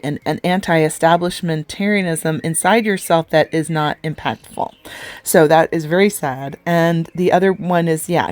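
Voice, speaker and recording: A woman's voice: deep voice, a little mellow, dry recording. A woman life coach giving an earnest live coaching talk, asking many rhetorical questions and getting emotional.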